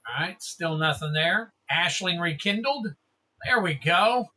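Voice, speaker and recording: A man's voice: sits high, lively intonation, measured pace, sharp tone. A man hosting a trading card livestream, chatting casually and thanking viewers by name.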